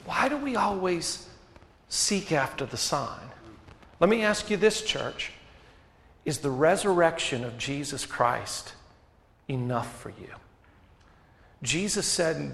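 A man preaching a sermon as pastor, asking rhetorical questions and dropping to quiet emphasis. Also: on the high side, creaky. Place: church sanctuary. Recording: echoey hall reverb.

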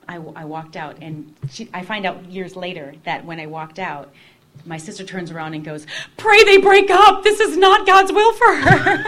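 A woman telling her personal faith story in an expressive, conversational way, often dropping to a hushed voice. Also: low-pitched, slight background noise. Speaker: guest sharing her testimony.

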